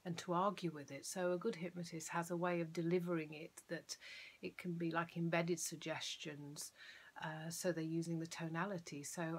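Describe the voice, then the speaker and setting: A woman hypnotherapist explaining her craft in a soft, often half-whispered voice, shaping her tone with falling inflections. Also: on the low side, fairly even intonation, moderate pace, breathy edge. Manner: plays with tone and downward inflections. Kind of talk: explanatory talk.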